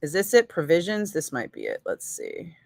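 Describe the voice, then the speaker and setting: A middle-aged woman radio DJ chatting casually with listeners between segments, frank and quick to laugh, swearing now and then. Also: sits low, wildly swooping pitch, vocal fry, a little mellow, no echo.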